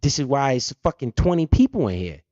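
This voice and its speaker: A man's voice: mid-range voice, big pitch swings, fairly quick, dark tone, no room sound. A man hosting a finance livestream, explaining things bluntly with lots of profanity and asking and answering his own questions. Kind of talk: casual explanatory livestream talk. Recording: dull lo-fi stream audio.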